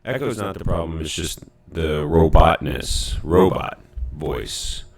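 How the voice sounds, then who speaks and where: A man's voice: very deep voice, expressive, unhurried, gravelly. A young man streaming a game live, chatting casually and interrupting himself while he fixes his audio.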